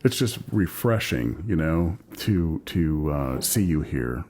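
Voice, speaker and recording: A man hosting an interview podcast who speaks haltingly, with many fillers. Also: extremely low pitch, lively intonation, darkish tone. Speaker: podcast host. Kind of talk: casual interview.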